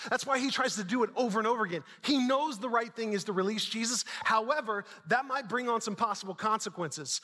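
A man's voice: high-pitched, bright, forceful tone, big-room sound. A man preaching a sermon, retelling a story dramatically with casual asides. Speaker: pastor.

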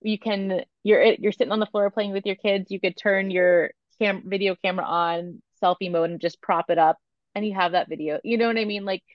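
A woman's voice: mid-range voice, a little fast, no room sound. Woman guest, candid chatty interview talk, muffled lo-fi sound, dry room. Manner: animated, chatty, lots of filler words. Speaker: podcast guest, photographer and coach.

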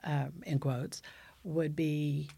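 A woman leading a support group, talking in a measured, reflective way on a podcast. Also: low voice, little pitch movement, creaky, dark tone, husky, no room sound. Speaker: study group leader. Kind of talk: podcast conversation.

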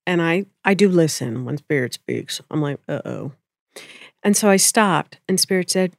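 Woman, spiritual storyteller, gentle reflective delivery, laughs easily, dry close mic. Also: fairly low pitch, expressive, moderate pace, creaky, no room sound. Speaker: spiritual speaker. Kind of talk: casual storytelling chat.

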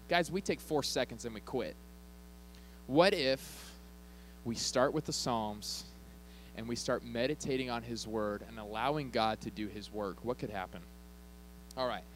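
A man giving a sermon, animated and conversational, with asides to his audience. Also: medium pitch, slight background noise, low-quality recording.

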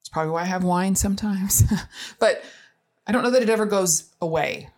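A woman's voice: mid-range voice, brisk, a little mellow. A woman in her thirties or forties, a parent telling a frank, self-deprecating story, laughing easily as she goes. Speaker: parent sharing experiences. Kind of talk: candid storytelling monologue.

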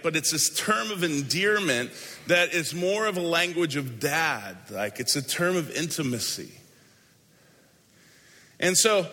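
Bright-voiced man preaching in a reverberant hall. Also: a little high. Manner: conversational, emphatic, shifts between quick asides and slow stressed phrases. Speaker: pastor. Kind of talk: sermon.

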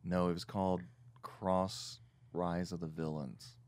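A man's voice: sits low, little pitch movement, takes it slowly, a little mellow. A man hosting a podcast, chatting casually and dropping into silly voices and noises. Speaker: podcast host. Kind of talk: casual chat.

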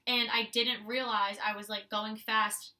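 A woman's voice: on the high side, flat delivery, a little slow, bright, forceful tone, distant mic. A woman hosting a casual podcast, chatting away and telling stories, filling her talk with "like". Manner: chatty storyteller, says "like" constantly. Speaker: podcast host.

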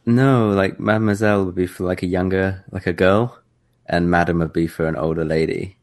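A man chatting casually on a podcast, easygoing and quick to chuckle. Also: deep voice, fairly even intonation.

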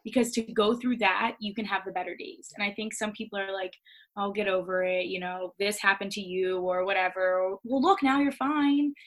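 A woman's voice: mid-range voice, a little fast, poor audio. A young woman speaking as a podcast guest, talking openly and animatedly and using "like" a lot. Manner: candid, animated, lots of "like". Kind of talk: casual conversation.

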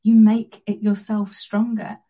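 A woman guest telling a personal story in an interview, earnest and reflective, with soft pauses. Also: mid-range voice, flat delivery, rough recording.

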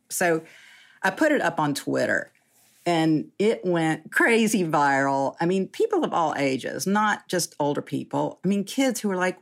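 Low raspy-edged woman around 60, chatty interview storytelling, laughs a lot. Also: unhurried. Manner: animated, laughing often, frequent restarts. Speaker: journalist and interviewee. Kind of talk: candid conversational storytelling.

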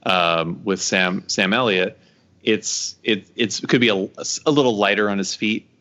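A man's voice: on the low side, unhurried, pushed and bright. A man from Texas hosting a casual book discussion, rambling and joking with frequent restarts. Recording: dull lo-fi podcast audio.

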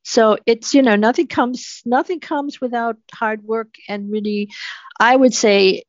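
An older woman, a guest researcher, tells her story in an interview answer, animated and emphatic, acting out the quotes. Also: a little high, a little slow, dry recording. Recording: dull, dry, slightly muffled sound.

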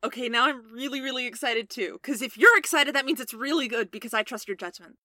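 Woman player, high bright voice, very lively, dry sound. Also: quick pace, no room sound. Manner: excitable, animated. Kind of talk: playing a tabletop role-play game.

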